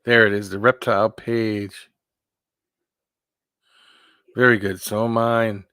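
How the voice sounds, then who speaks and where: Man, low-pitched, rambling casual stream host, dry close sound. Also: level tone, takes it slowly, pushed and bright, no room sound. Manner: rambling, keeps clearing his throat. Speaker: host of a live hangout stream. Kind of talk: casual live-stream chat.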